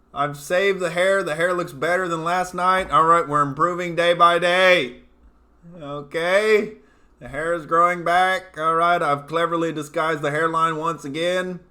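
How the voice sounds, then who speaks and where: Sarcastic comedian host from Oklahoma. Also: male voice, on the high side, sharp tone. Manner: sarcastic, self-mocking, swearing freely. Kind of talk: casual livestream commentary. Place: home studio apartment.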